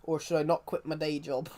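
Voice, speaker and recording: A man's voice: a little high, mellow. A man who grew up in the United Kingdom chatting casually on a live stream, rambling and laughing with frequent restarts.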